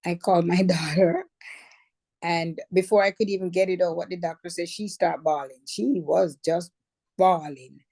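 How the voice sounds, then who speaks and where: A woman's voice: on the low side, fairly even intonation, moderate pace, dark tone, dry recording. A middle-aged woman, a cancer survivor, telling her personal story in a chatty way and stopping to correct herself. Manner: conversational, backtracks and corrects herself.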